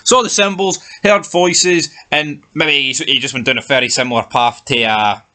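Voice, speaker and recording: A man co-hosting a casual TV review chat, animated and swearing freely as he rants. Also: on the high side, normal speed. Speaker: TV review podcast co-host.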